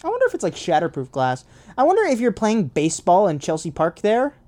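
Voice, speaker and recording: A man's voice: high voice, wildly swooping pitch, fast, darkish tone. Teasing young man in casual chat. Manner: teasing, laughs easily, dry asides. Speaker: podcast co-host.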